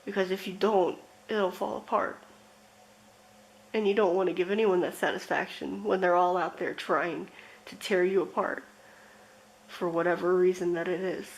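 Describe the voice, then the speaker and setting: A tarot reader with a fairly low, steady voice and some vocal fry does a pick-a-card reading. She speaks slowly, reflectively and emotionally, with occasional laughs. The recording is rough.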